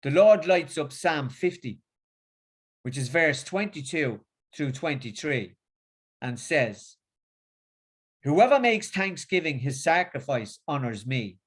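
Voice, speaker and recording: Northern English man, middle-aged, slightly high voice, halting delivery with many restarts; religious talk. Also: very animated, husky. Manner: halting, with many repeats and fillers. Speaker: religious speaker. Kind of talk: religious talk and casual chat.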